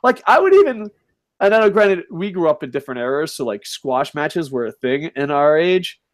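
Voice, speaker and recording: Man, young adult, higher voice, profane, rambling, excitable, wrestling podcast co-host. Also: normal speed. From United States. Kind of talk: casual wrestling chat.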